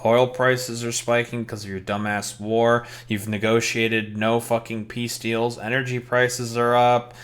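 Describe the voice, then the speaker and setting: A man's voice: mid-range voice, level tone, unhurried, few pauses, a bit bright. A young man reacting to a press conference, with a heated, rambling manner and a lot of profanity. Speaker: political commentary streamer.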